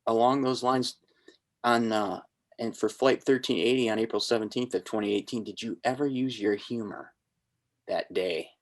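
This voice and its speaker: A man co-hosting an interview, asking his question deliberately and haltingly. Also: fairly low pitch. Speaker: co-host.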